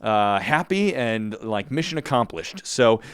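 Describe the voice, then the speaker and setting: A man's voice: on the low side, big pitch swings, measured pace, smooth, dry recording. Enthusiastic male podcast co-host. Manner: enthusiastic, affirming. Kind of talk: casual chat.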